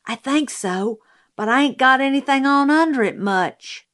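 A woman's voice: sits high, animated, unhurried, a bit bright, voice pushed up. A woman reading aloud, voicing a frightened barefoot young girl in plainspoken child talk. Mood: worried.

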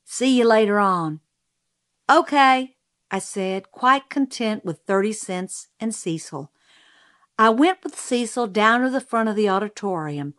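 A woman narrates a first-person novel in a measured storytelling voice. Her pitch sits in the middle, unhurried and clear. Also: fairly bright tone. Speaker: audiobook narrator.

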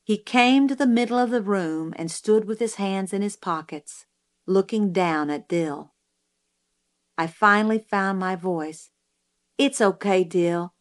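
In a mid-range voice, a woman narrates a novel as an audiobook, keeping to a measured storytelling style.

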